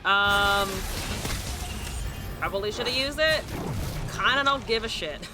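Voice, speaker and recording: A woman's voice: mid-range voice, animated, a little slow, over music. A woman streaming a card game, commenting as she plays and ranting with heavy swearing about her opponents. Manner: profane, ranting, exasperated. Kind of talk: live-stream gameplay commentary.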